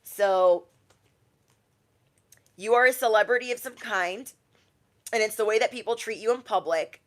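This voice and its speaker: A woman's voice: fairly high pitch, a little slow. Chatty woman doing a tarot livestream. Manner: chatty, acts out quotes in shifting voices. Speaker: tarot reader. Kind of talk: casual livestream reading.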